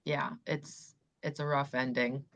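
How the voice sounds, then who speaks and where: A young woman hosting a casual livestream book discussion, slightly croaky as she loses her voice, chatty and full of fillers. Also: extremely low pitch, level tone, a little slow, a bit bright, no echo, low-quality recording. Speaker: booktube host.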